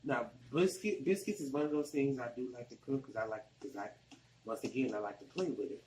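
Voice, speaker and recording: A cooking vlogger from Arkansas with a Southern accent rambles colloquially while walking through a tutorial in his home kitchen. He speaks fairly quickly at medium pitch with a slightly mellow tone. The recording is rough and roomy, with a bit of hiss or hum.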